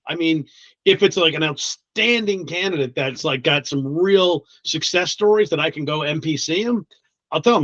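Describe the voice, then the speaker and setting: A man working as a recruiter, chatting casually in an interview, blunt and quick to swear, laughing often between many restarts. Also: a little high, a bit bright, dry recording, dull audio. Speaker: guest recruiter.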